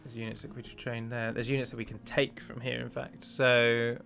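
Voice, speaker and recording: A man's voice: medium pitch, flat delivery, normal speed, vocal fry, a bit bright. Chatty man over game music. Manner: chatty, thinks aloud, self-correcting. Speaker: let's play host. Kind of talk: casual gameplay commentary. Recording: faint game music behind.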